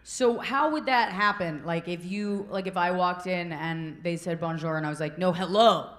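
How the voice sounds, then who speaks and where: A woman's voice: on the low side, moderate pace, fairly bright tone. A woman co-hosting a live podcast on stage, blunt and profane, often laughing. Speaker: podcast co-host. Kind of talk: live podcast banter before an audience. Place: festival stage before a live audience. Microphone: handheld mic.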